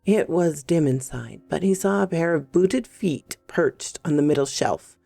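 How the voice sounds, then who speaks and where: A woman storyteller giving a measured, unhurried scripted narration of a horror story. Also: low-pitched, animated, creaky, mellow, faint music behind.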